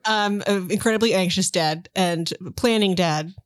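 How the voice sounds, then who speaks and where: A woman's voice: mid-range voice, moderate pace. A woman hosting a podcast as dungeon master, chatty and laughing often. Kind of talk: casual podcast chat.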